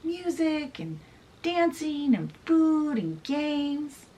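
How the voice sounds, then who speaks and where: A woman's voice: high voice, very animated, very slow, mellow, recorded from a distance, voice pushed up, heavily acted. A woman voicing a loyal male pirate first mate in a storybook retelling, sounding cheerful and inviting.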